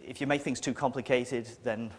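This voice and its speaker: A conference speaker with a northern English accent talks to an audience in a lecture hall whose long reverb fills the recording. His mid-range voice has a breathy edge, fairly even intonation and normal speed, while his tone stays blunt, emphatic and sardonic.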